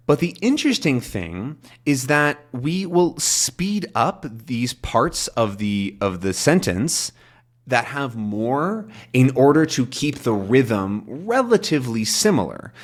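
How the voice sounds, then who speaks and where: A young man gives a relaxed English lesson, his voice rising and falling widely as he explains. He taps out rhythms by chanting syllables, thinking aloud as he goes. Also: mid-range voice, slow. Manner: lively, demonstrates stress by chanting syllables. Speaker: English teacher.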